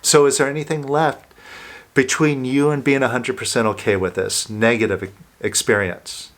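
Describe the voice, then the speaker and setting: A man calmly guiding the listener through a self-help exercise, speaking step by step as a coach. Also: mid-range voice. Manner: slow, calm, coaching listener through steps.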